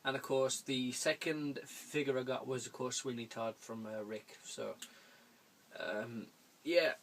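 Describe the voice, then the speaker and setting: Young bloke doing a q&a at home, slow drawl, keeps chuckling and swearing. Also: male voice, mid-range voice, steady tone, creaky. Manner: rambling, chuckling, casually swearing. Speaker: vlogger answering viewer questions. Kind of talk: casual Q&A video. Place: room at home.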